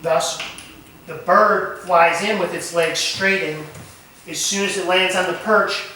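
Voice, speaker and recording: High bright man teaching in an echoey room. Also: measured pace, slight background noise. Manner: animated, asks the group questions. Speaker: camp naturalist instructor. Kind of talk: hands-on nature lesson. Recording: echoey room recorded from far off.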